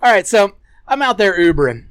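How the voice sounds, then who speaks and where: A man's voice: sits high, very animated, a little fast, fairly bright tone, clear, resonant tone, no echo. A man with a Midwestern American accent co-hosting a podcast, joking around and telling stories in casual banter. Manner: wisecracking, storytelling. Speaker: podcast co-host.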